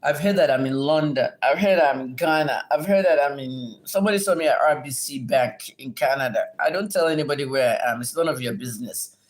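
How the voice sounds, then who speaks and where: This middle-aged Nigerian woman has a rumbling low voice and talks briskly with few pauses, over a little hiss or hum. On her livestream she rants and takes questions, bluntly scolding, lecturing and cursing heavily at commenters in a combative way.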